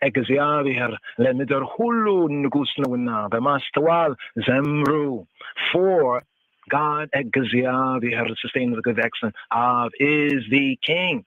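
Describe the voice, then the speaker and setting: A man hosting a call-in podcast, teaching scripture verse by verse. He speaks deliberately, repeats words and glosses, and sometimes half-chants the verses. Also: mid-range voice, no room sound. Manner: deliberate, repeats each word and gloss several times; half-chants verses in a sing-song intonation. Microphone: phone line. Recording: tinny dry phone line.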